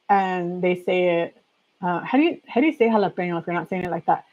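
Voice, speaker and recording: A woman's voice: lowish voice, brisk, a little mellow, lo-fi sound. A woman hosting a casual chat stream. She reads aloud, reacts with strong opinions, laughs often and talks straight to her viewers. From California. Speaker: livestream host.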